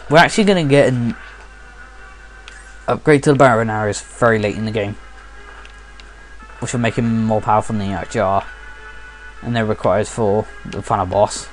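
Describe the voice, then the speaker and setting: A man's voice: lowish voice, normal speed, long pauses, soft background music. A sleepy man giving casual let's play commentary, rambling and often stopping to correct himself.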